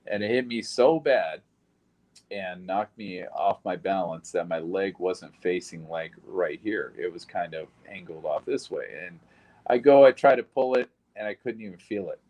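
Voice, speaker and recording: Low-voiced man giving a blunt witness account. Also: normal speed, darkish tone, low-quality recording. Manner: blunt, plain-spoken retelling with occasional swearing. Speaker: shooting survivor giving a statement. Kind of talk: recorded witness interview.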